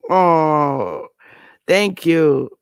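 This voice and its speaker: A woman hosting a casual livestream, talking bluntly with profanity and excited exclamations. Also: low voice, drawn-out words, clean tone, no room sound. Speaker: livestream host.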